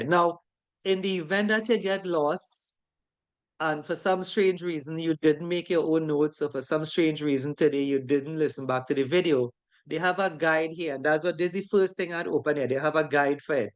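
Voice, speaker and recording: A course instructor talking through an online lesson in a loose, conversational way. Key phrases come back again and again for emphasis, and the instructor keeps checking in with the class. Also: medium pitch. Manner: keeps checking in with a tag question; informal, conversational teaching.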